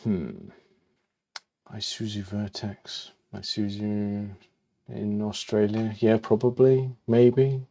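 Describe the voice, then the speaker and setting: Male podcast co-host, mellow voice, unhurried and hesitant, on a muffled lo-fi line. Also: on the low side, vocal fry. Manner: slow, musing, thinks aloud with many ums. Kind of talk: casual chat.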